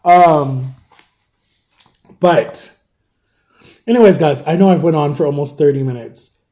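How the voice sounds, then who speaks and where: A man's voice: a little high, measured pace, mellow. A man in his thirties telling a long, exasperated storytime vlog about parenting, rambling and swearing casually. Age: 30s. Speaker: father vlogging about parenting.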